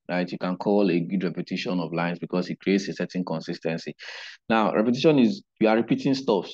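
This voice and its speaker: A man teaching a digital marketing class online, unhurried and explanatory, often checking in with "right?". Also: fairly low pitch, darkish tone, muffled recording. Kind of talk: live online class lecture.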